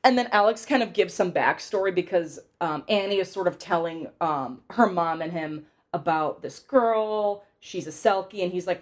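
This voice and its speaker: A woman with a slightly low voice talks through a film's plot in easygoing podcast chat. She rambles, hedges with fillers and circles back as she goes. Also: moderate pace. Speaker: podcast co-host. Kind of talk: casual film-review chat.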